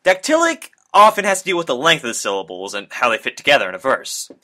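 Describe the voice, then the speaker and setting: A man's voice: mid-range voice, wildly swooping pitch, fast talker, bright, forceful tone. A young man, a student, reading a prepared class presentation that explains a topic. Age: young adult. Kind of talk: read school presentation.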